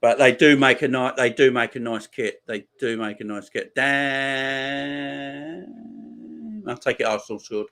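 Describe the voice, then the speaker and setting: A man in his forties, talking through a live football watchalong. He is chatty and excitable and keeps up a running banter with his viewers. His voice sits at an ordinary middle pitch. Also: fairly quick, hardly any pauses. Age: 40s. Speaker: streamer.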